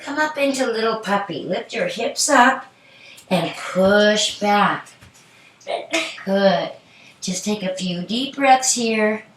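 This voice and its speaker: A middle-aged woman guiding a children's yoga class in a gentle, encouraging, playful way. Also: medium pitch, animated, slow, slight background noise. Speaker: yoga instructor. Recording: echoey room, from a distance.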